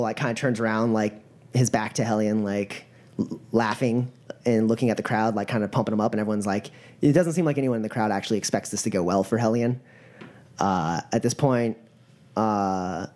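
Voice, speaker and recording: A game master narrating a tabletop game in a casual, quick manner, with many fillers. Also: mid-range voice, darkish tone.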